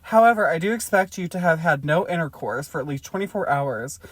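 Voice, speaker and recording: A woman's voice: low voice, animated, fairly quick, no echo. A prim, forward lady doctor, read aloud by a woman in a comic dramatic reading. The voice stays close to an everyday speaking voice, with clipped, businesslike delivery. The recording is dry and close. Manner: read plainly from the page, lightly acted.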